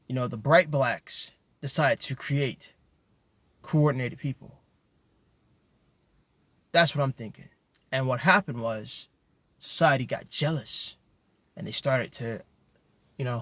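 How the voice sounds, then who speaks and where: A man with a mid-range, fairly bright voice delivers a heated monologue to his video audience, ranting and repeating words as his emotion builds. The recording is dry.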